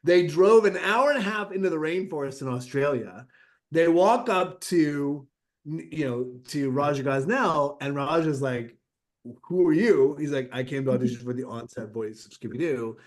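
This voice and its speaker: A middle-aged man telling stories in a casual interview, acting out quotes with lively shifts. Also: fairly high pitch, moderate pace. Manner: animated anecdote-telling with acted-out quotes. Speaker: interview guest, actor.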